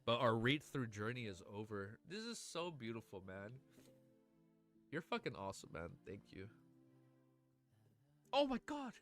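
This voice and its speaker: A man streaming casually, chatting excitedly with his audience, swearing and gushing, at times near tears. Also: lowish voice, moderate pace, faint music behind. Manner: excitable, swears often, gushes and laughs. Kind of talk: casual livestream chat.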